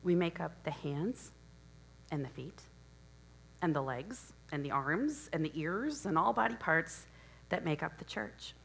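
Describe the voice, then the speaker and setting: A middle-aged woman preaching a sermon in a church, hoarse and losing her voice, earnest and encouraging, often clearing her throat. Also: sits low, expressive, a little slow, a bit bright, poor audio. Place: church sanctuary.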